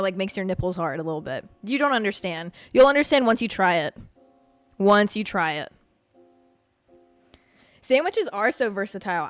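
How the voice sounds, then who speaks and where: A woman hosting a podcast in casual chat, brash and excitable, swearing freely. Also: mid-range voice, dry recording. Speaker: podcast host.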